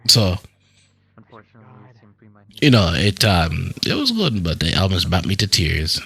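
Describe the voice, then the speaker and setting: Jamaican-accented man, bright lively voice, playful in-character banter. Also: low voice, takes it slowly, gravelly, long pauses, husky, no room sound. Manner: playful, sings snatches of folk songs, hesitant. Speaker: role-play player. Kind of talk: in-character casual chat.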